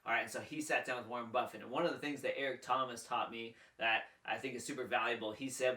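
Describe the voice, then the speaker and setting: Bright-voiced business coach guy telling a story, keeps saying all right, mic a bit far off in an echoey room. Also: medium pitch, fast, hardly any pauses. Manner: energetic, repeats "all right" and "he's like". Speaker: business coach and video host. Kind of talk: casual storytelling to camera.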